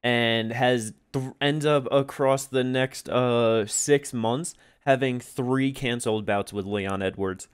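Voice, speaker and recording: A man's voice: mid-range voice, takes it slowly, hardly any pauses, clear, resonant tone. A man co-hosting a casual MMA podcast, talking loosely, swearing and laughing often. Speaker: podcast co-host.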